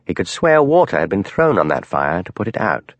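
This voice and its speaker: Expressive male audiobook narrator. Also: sits low, brisk, no room sound.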